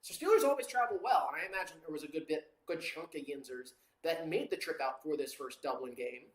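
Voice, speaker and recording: An amateur commentator calling play-by-play over a live watchalong, casual and rambling, with fillers and quick self-corrections. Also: mid-range voice, lively intonation, echoey room, poor audio.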